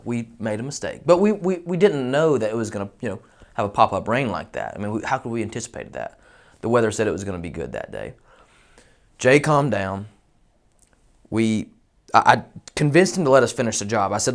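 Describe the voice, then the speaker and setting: A man's voice: mid-range voice, normal speed. Candid man telling a story. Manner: candid, animated, self-deprecating. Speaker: roofing company owner. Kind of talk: casual storytelling.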